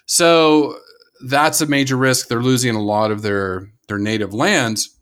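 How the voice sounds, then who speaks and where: A man's voice: mid-range voice, measured pace, fairly bright tone. American man chatting on a podcast. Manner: enthusiastic, rambling with frequent restarts. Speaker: podcast co-host. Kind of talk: casual conservation podcast chat.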